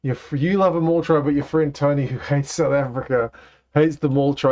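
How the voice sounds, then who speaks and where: A man runs a casual live watch-along, responding to the action and talking with viewers. His slightly mellow voice is on the high side with fairly even intonation and a somewhat fast pace, and the stream sound is dull and lo-fi.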